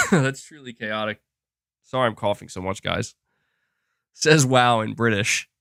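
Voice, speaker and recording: A young man hosting a casual gaming podcast, rambling excitably with restarts and laughs as he reads viewer messages. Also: medium pitch, slow, gravelly, dry recording, clean studio sound. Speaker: podcast host reading super chats. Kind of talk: casual live-stream chat.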